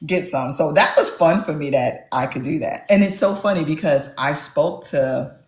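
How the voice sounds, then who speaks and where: A woman author in a casual interview, telling stories with animated energy. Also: sits low, normal speed, echoey room. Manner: animated storyteller, acts out quotes. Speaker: author guest.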